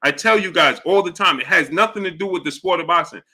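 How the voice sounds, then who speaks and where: A man hosting a live boxing stream, arguing his point with repetition and greeting chat members in a lower voice. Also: fast. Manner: animated, argumentative, repeats points; drops low and soft for chat shout-outs. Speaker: boxing show host.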